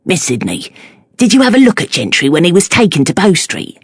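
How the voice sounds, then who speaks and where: Lanigan, a mumbling Cockney fishmonger voiced by a woman, low and gruff, fawning, storybook character, very dry recording. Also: big pitch swings, a little fast, no echo. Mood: admiring. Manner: mumbling, eager to please. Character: apologetic Cockney male fishmonger, meaty-faced and fawning.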